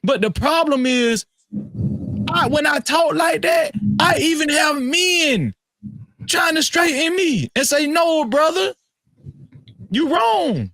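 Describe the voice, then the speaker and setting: A man on a podcast panel, lecturing and swinging from low murmurs to shouts. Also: expressive, takes it slowly, no echo, clean studio sound. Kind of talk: heated panel talk. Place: live-stream podcast studio.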